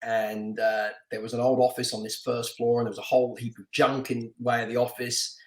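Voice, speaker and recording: A middle-aged man from London telling a story as a podcast guest, animated and laughing often, with lots of restarts. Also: mid-range voice, fairly quick, roomy sound. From London, England. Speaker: podcast guest, martial artist and stunt actor. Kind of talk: casual storytelling interview.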